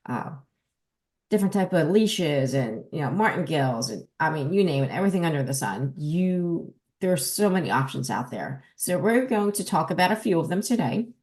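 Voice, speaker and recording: Woman, New Jersey accent, dog trainer podcast host, lower voice, emphatic teacher. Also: moderate pace. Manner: emphatic, lively teaching delivery. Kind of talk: casual podcast talk.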